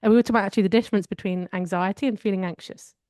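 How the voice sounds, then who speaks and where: A woman co-hosts a podcast in a relaxed, conversational way. She tells personal stories candidly and reflects as she talks. Her voice sits in an ordinary middle register and is recorded dry and close. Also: mid-range voice, rapid-fire, no room sound. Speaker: podcast co-host. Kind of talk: casual conversational chat.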